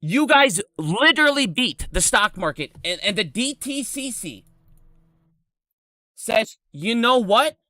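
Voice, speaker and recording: A man's voice: high-pitched, sing-song, slow, bright, forceful tone, no echo, studio quality. A man in his thirties ranting on a live stream, angry and heavily profane. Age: 30s.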